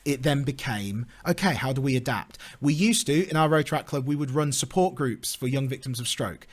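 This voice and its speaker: A man's voice: medium pitch, moderate pace. A young British man giving a lightning talk, chatty and self-deprecating, with lots of filler words. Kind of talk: storytelling conference talk.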